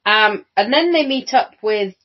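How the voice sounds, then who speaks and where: Co-host, casual chat, mid pitch, questioning tone, dull lo-fi sound. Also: lively intonation, unhurried. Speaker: podcast co-host. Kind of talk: casual film discussion. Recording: dull home recording.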